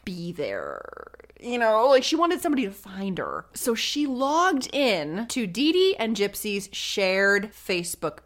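Lively, sarcastic true crime storyteller woman. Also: medium pitch. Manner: chatty and sarcastic, swears freely. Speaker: true crime video host.

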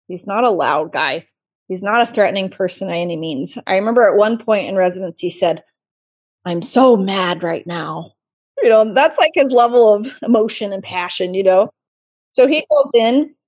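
Chatty woman surgeon telling stories. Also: medium pitch. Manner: chatty, expressive storytelling. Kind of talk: casual interview storytelling.

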